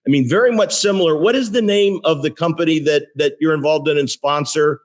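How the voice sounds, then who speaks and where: A man in his sixties, a company CEO, telling career stories in a relaxed interview, with frequent restarts and fillers. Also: a little high, fairly quick. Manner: animated storyteller with many restarts. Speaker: guest, tech company CEO. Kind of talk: casual interview storytelling.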